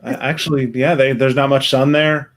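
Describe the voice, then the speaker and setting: Co-host: relaxed voice in the middle of the range, joking and easygoing. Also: medium pitch, moderate pace. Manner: joking, laid-back. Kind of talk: casual video call chat.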